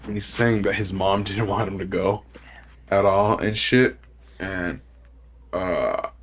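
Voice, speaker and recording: A man's voice: sits low, fairly even intonation, slow pace, a little hiss or hum. Sick young man in laid-back podcast chat. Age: young adult. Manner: laid-back, rambling, laughs often, says "like" a lot. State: sick with a cough. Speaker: podcast co-host. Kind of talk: casual chat.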